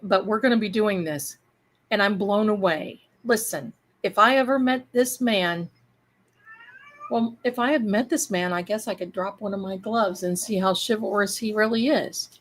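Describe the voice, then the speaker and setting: A woman's voice: mid-range voice, normal speed. A woman hosting a casual livestream, chatting and rambling to her viewers. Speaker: live-stream host.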